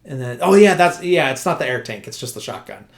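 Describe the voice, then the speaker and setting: A man's voice: mid-range voice, expressive, brisk, gravelly. Rambling man recapping a film. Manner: rambling, heavy filler words like "uh" and "like"; self-correcting, loses his train of thought. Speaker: podcast host. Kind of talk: casual podcast movie recap.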